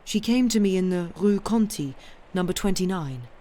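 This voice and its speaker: A woman's voice: on the low side, expressive, normal speed, warm tone, voice pushed up, natural voice. Woman reading as an earnest young shepherd poet. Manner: earnest, tender.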